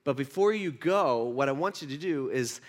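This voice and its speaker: A man voicing God, who gives calm and direct commands. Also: mid-range voice, normal speed, pitched below the performer's own voice, natural voice. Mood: commanding. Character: commanding God giving orders.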